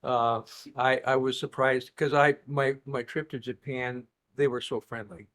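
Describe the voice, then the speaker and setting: A man speaks as an interview guest in casual conversation. He tells his stories in a dry, wry way, often stopping to restart a sentence. His pitch sits in the usual middle range for a man. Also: fairly even intonation, unhurried, fairly bright tone.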